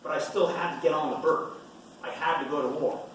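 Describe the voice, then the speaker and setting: A man gives a motivational talk, hammering his points home by repeating them. His voice sits a little high for a man and comes from well back in a very echoey hall, with a faint hiss underneath. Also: fairly even intonation, a little fast, fairly bright tone, far from the mic. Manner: emphatic, repeats key points. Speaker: retired Navy SEAL speaking to students.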